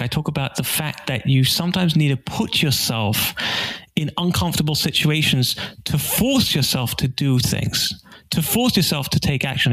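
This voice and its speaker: A man's voice: mid-range voice, low-quality recording. A man as a podcast guest, telling stories animatedly and acting out the lines of others. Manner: animated storyteller who acts out dialogue. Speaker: guest author. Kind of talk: podcast interview.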